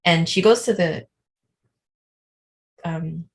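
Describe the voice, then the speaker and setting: A woman co-hosting a live online show, telling a story in a rambling, animated way full of fillers. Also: lowish voice, slow pace. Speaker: co-host. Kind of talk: casual livestream storytelling.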